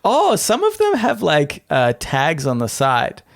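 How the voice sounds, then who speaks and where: A man's voice: fairly high pitch, wildly swooping pitch, measured pace, creaky. Brief: male podcast co-host, giggly, list-reading, sing-song delivery with a lot of up and down. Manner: giggly, breaks into frequent laughter. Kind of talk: casual comedic chat, reading a list aloud.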